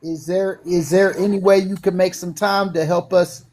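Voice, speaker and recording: A man calling in to a live stream, halting and hesitant, with many restarts. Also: high voice, flat delivery, a little mellow, rough recording. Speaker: caller. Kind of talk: casual chat.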